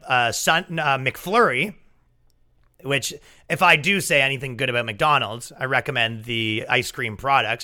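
A man's voice: medium pitch, sharp tone. A man hosting a podcast, ranting in casual chat with profane jokes and laughing asides. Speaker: podcast host.

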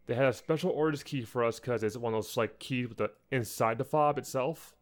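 A man's voice: mid-range voice, moderate pace, few pauses. A young man rants on a casual podcast, telling a long story in an exasperated way. He co-hosts the show and chats loosely with his friend. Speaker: podcast co-host.

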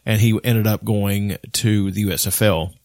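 A man's voice: lowish voice, fairly even intonation, normal speed, a little mellow, no echo. A man in casual podcast chat, telling rambling stories full of restarts and swearing. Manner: rambling storyteller, swears often, many restarts.

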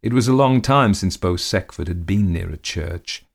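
A man narrates an old short story in a very low, deep voice. His telling is measured and unhurried. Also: animated, gravelly. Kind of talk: reading a classic short story.

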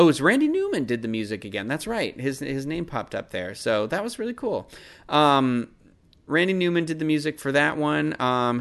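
A man's voice: medium pitch, a bit bright. A man hosting a podcast, reviewing a film in a casual solo monologue; he rambles, loses his train of thought and pokes fun at himself.

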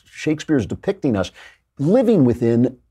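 A middle-aged man hosting a commentary show, talking through literature with theatrical, animated delivery and dramatic readings of verse. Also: mid-range voice, moderate pace, breathy edge. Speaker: podcast host.

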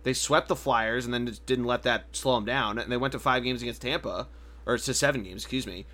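A man with a bright, forceful voice co-hosting a casual sports podcast. He talks through stats and past seasons in detail, his voice dropping quieter as he trails off. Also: mid-range voice, brisk. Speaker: podcast co-host.

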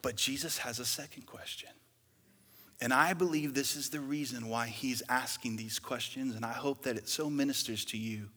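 A man's voice: mid-range voice, normal speed, pushed and bright, husky, in a large hall. A male pastor preaching a sermon, asking rhetorical questions and building in intensity.

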